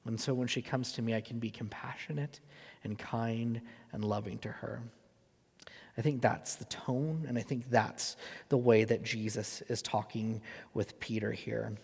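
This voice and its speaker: A man's voice: mid-range voice, fairly even intonation, measured pace, creaky, a little mellow, slightly rough. A man in his thirties preaching a sermon as a pastor, earnest and conversational with frequent fillers. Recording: long reverb of a large hall.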